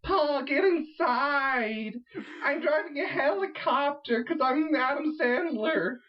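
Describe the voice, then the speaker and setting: A man doing a comic put-on voice of a shrill, high-pitched mother character. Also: slow, recorded from a distance, lo-fi sound. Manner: exaggerated, comic.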